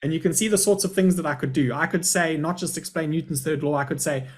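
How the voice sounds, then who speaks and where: A man's voice: fairly high pitch, quick pace. A middle-aged man, a school principal, giving a chatty, upbeat live webinar presentation over a video call.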